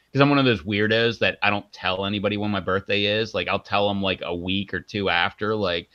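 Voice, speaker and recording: A man's voice: lowish voice, fairly even intonation, moderate pace, sharp tone, no room sound. A man co-hosting a casual live stream, rambling and joking as he hypes up his co-host. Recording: dull lo-fi sound.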